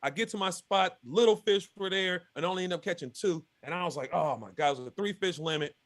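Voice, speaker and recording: A guest angler telling a fishing tournament story in casual, animated fashion, acting out what others said. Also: male voice, high-pitched, quick pace. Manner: lively, acts out quotes of others.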